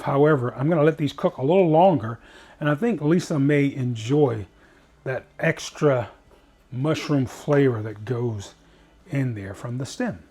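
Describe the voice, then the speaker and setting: A man hosts a casual cooking demonstration, chatting upbeat with rambling asides while he cooks. His voice is medium-pitched and a little mellow, with a breathy edge.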